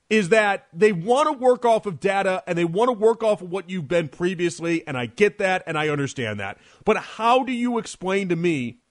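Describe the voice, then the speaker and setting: A man hosting a sports radio show, delivering an emphatic, argumentative monologue and repeating phrases for effect. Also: high-pitched. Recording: radio broadcast.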